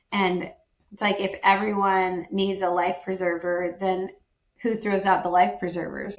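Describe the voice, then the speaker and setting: A woman speaks earnestly and reflectively as a podcast guest, and now and then she acts out the reactions of the people she quotes. Her voice has an average pitch. The room around her is roomy and echoey, and the sound is slightly dull and muffled. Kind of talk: podcast conversation.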